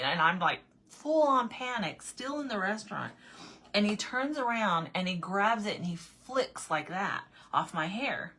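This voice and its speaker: A woman originally from Arizona telling a funny everyday story in a casual vlog, animated, repeating herself and laughing often. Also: mid-range voice, moderate pace. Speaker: vlogger.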